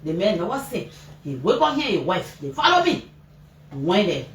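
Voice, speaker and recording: A woman with a Liberian English accent, a mother telling reporters what happened to her son, animated and acting out what people said. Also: normal speed. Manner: animated storytelling, acting out shouted quotes, pitch leaping up and down. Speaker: mother giving a press interview. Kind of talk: emotional personal account to reporters. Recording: roomy, distant mic with faint background noise.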